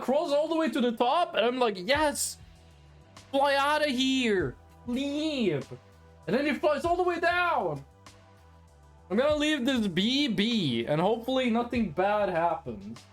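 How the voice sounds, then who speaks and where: A native Norwegian speaker streaming games from a room at home, rambling and joking in casual chat, swearing now and then. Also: medium pitch. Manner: animated, rambling, jokey, swears. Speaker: game streamer.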